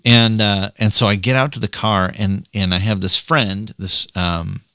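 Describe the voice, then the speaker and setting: A man's voice: on the low side, steady tone, measured pace, pushed and bright, clear, resonant tone, no room sound, clean studio sound. A man hosting a podcast, a chatty storyteller talking casually about fatherhood. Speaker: podcast host, father of three girls. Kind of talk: casual chat.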